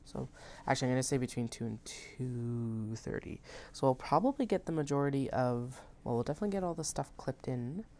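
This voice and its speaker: Very low, gravelly woman chatting while sewing. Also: lively intonation, fairly quick, hardly any pauses, mellow. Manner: chatty, thinking aloud, self-mocking. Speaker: crafter live-streaming her sewing. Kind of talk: casual chat while working.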